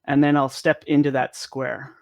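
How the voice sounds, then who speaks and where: A man's voice: mid-range voice, little pitch movement, moderate pace, vocal fry, low-quality recording. A man playing a tabletop game, describing his character's moves in a rambling way with lots of fillers. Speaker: player. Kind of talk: tabletop role-play chat.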